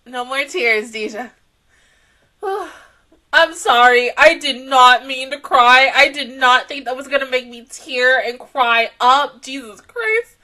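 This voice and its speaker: A woman reacting to an anime episode in casual commentary, emotional and excitable, tearing up and gasping. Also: sits high, slow.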